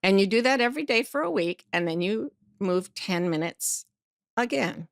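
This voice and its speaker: A woman's voice: mid-range voice, lively intonation, normal speed, creaky, dry recording, studio quality. A middle-aged woman sharing a personal story as a podcast guest, vividly acting out the voices she quotes, blunt and earthy. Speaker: guest author and life coach. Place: podcast studio.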